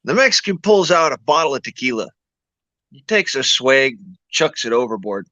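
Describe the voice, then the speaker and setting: Man, joke teller in a voice chat; bright, animated, muffled lo-fi sound. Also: medium pitch, no room sound. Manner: drawn-out storytelling, loud laughs. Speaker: panel participant. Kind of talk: casual joke telling.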